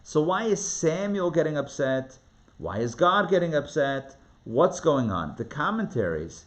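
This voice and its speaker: A man teaching a live Torah class, reading scripture aloud and acting out the voices in an animated, conversational way. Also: on the high side. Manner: animated, dramatizes the text with rising voice and quick asides. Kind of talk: lively live online Torah lesson.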